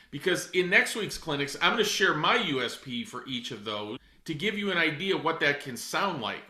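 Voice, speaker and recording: Give me a middle-aged man with a slightly high, bright voice, coaching in a direct, emphatic way. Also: reverberant. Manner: emphatic, direct, addresses folks. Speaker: real estate coach. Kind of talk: weekly coaching session.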